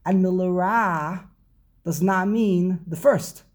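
A man teaching an informal Torah class, explaining slowly and often repeating and restarting his words. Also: sits high.

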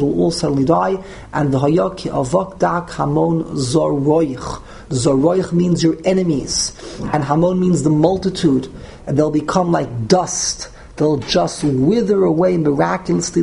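A man's voice: fairly high pitch, gravelly, mellow, a little hiss or hum. A man teaching a text study class verse by verse, often repeating and restarting his words. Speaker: Torah teacher.

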